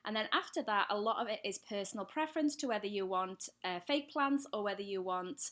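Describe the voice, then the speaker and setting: A woman's voice: mid-range voice, brisk, a bit bright. A woman with an English accent hosting a live stream, chatting as she reads out viewer comments and answers them. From England. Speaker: pet channel host. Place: home, lit by daylight.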